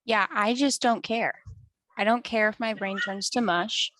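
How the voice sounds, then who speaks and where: A woman playing a stubborn child who flatly refuses to stop playing. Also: mid-range voice, measured pace, slight background noise, natural voice. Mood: defiant.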